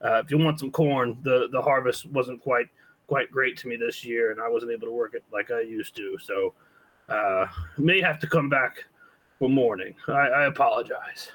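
A man's voice: mid-range voice, moderate pace, a bit bright, close to an everyday voice, poor audio. A man voicing an elderly blind cobbler who stammers, apologizes and gets flustered. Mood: apologetic.

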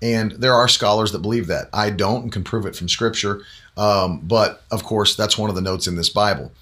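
A man preaching as a Pentecostal Bible teacher on a broadcast, chatting casually, then slowing down and climbing in pitch to hammer home key points. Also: sharp tone. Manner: emphatic, slows down and rises in pitch on key points; conversational with fillers between emphatic stretches.

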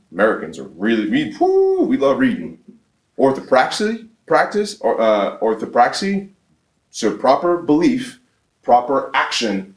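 A man in his thirties with a somewhat low voice gives an emphatic live conference talk, pressing the audience with rhetorical questions and circling back over his own phrases. He sounds a little off the mic, and the room adds a noticeable echo. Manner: emphatic, fires rhetorical questions, frequent restarts. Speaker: conference speaker. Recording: roomy, distant from the mic.

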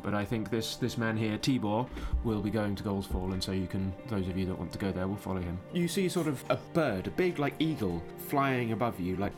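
Guy gm-ing a tabletop game, rambly and easygoing, music going in the background. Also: fairly low pitch. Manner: loose, rambling narration with many fillers and restarts. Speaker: game master.

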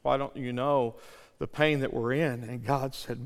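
A middle-aged male pastor preaching a sermon and leading a prayer, swinging from loud impassioned pleading to hushed near-whispers. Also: mid-range voice, fairly even intonation, moderate pace, gravelly. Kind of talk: sermon with altar call. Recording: long hall reverb.

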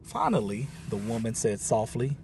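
A man narrating a children's story in a calm, unhurried audiobook reading. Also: mid-range voice, creaky, background noise.

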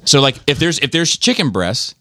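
A man's voice: a little high, big pitch swings, normal speed, pushed and bright, no echo, studio quality. A man co-hosting a podcast, telling a long, profane story in casual chat, full of ums and you-knows. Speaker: podcast co-host.

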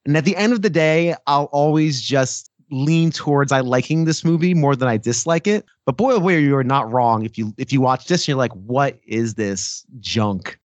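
A man co-hosting a movie podcast with a slightly high, animated voice. He tells stories with easy laughter. The sound is close and dry. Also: brisk, hardly any pauses, dry recording. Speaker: podcast co-host. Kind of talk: casual movie podcast chat.

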